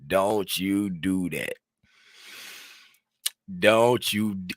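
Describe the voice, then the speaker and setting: A bright-toned man talks to his viewers in a slow, rambling way, circling back to the same phrases again and again. His pitch swings widely as he vents and jokes, and the sound is close and dry. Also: no echo. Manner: animated, rambling, venting with repeated phrases. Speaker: trading educator. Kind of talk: casual live-stream commentary.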